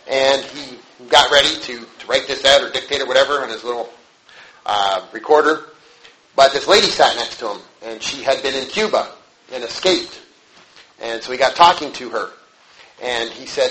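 A man pastor preaching a sermon, telling a story in a conversational, halting way with rhetorical questions. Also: medium pitch, fairly bright tone. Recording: echoey room, faint noise.

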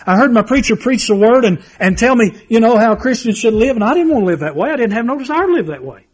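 A man's voice: extremely high pitch, animated, quick pace, husky. A man preaching a sermon, fervent and repetitive, telling personal stories.

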